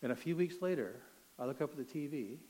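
A man's voice: fairly high pitch, lively intonation, quick pace, husky, poor audio. Earnest older man telling his testimony. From Canada. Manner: earnest, emotional storytelling, rising to near shouts at dramatic moments. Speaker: testimony speaker. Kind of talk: personal testimony.

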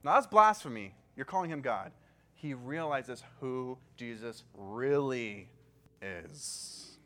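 A man's voice: mid-range voice, lively intonation, takes it slowly, fairly bright tone. A man leading a Bible study, reading scripture and breaking off for casual, joking asides and questions to the group. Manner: chatty, joking asides, frequent "like"; checks in with the group.

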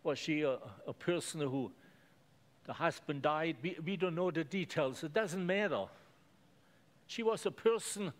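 A man's voice: fairly high pitch, unhurried. Earnest man preaching a sermon. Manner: earnest, simple phrasing with emphatic repetitions.

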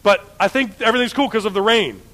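A man's voice: sits high, fast, sharp tone. A man doing a naive, breezy king. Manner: breezy, casual modern talk. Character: naive cheerful king, chatty husband.

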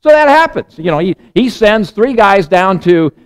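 A man giving a sermon in a loose, conversational way, often restarting phrases and dropping to a hushed tone. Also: high voice, very animated, normal speed, clean tone. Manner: conversational and digressive, many repeated starts. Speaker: preacher.

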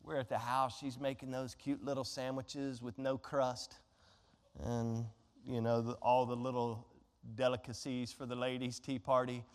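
A man preaching a sermon, telling a Bible story in an animated way and throwing rhetorical questions at his congregation. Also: mid-range voice, a little slow, in a large hall. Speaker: pastor.

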